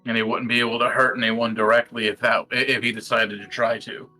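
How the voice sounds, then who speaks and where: A man playing a tabletop game, speaking in a flat way. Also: medium pitch, a little fast, faint music behind, low-quality recording. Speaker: player.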